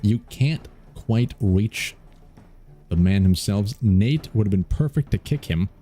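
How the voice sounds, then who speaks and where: A man's voice: fairly low pitch, lively intonation, takes it slowly, dark tone, breathy edge. A man streaming a strategy game, joking playfully and laughing often as he comments on his moves. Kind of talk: casual let's-play commentary.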